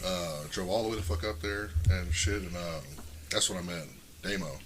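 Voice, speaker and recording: Brief: lower-pitched male podcast guest, loose and profane, spins rambling stories, noisy recording. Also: normal speed. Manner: profane, rambling, laughs often. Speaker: podcast guest, pro wrestler. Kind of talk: casual storytelling chat. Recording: noisy background.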